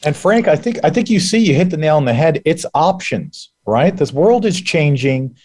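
A man speaking as a guest on a panel, explaining his company's service in a steady business pitch with frequent fillers. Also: normal speed. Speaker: guest executive. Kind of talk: casual panel talk.

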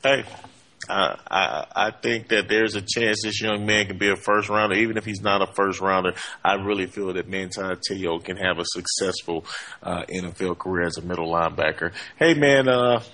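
A man hosting a sports talk show, energetic, with lots of "hey, man" and "uh" between points. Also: low voice, moderate pace. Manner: energetic, frequent fillers and 'hey, man'.

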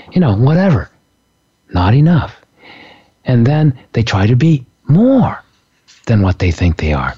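Middle-aged male host, husky voice, lively storyteller, dull lo-fi sound. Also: medium pitch. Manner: animated, laughing storyteller. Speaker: podcast host, psychic and minister. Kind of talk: casual storytelling talk.

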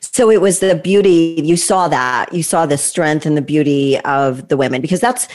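A woman's voice: low voice, normal speed, a little mellow. A woman in her sixties hosting an interview, talkative and enthusiastic, asking leading questions. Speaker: interview host. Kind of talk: conversational interview.

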